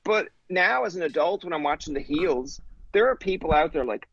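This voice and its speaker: A man in his thirties from Newfoundland tells stories as a podcast guest, loose and profane, acting out everyone in them. His voice sits a little high with a gravelly edge. The recording is dull and dry. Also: expressive, brisk, dry recording. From Newfoundland, Canada. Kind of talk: casual storytelling chat.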